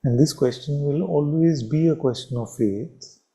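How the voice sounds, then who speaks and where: A man, a spiritual teacher, giving a slow and reflective satsang talk with long pauses and repeated phrases. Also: a little high, mellow, low-quality recording.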